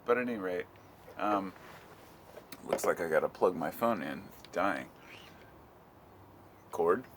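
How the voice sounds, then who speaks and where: A man's voice: sits low, animated, unhurried, background noise. A middle-aged American man talking at home in a loose, rambling vlog, swearing casually. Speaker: vlogger.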